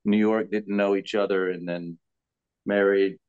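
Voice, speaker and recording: Low-voiced relaxed Florida man. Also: a little slow, smooth, no room sound, dull audio. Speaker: guest. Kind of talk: casual podcast chat.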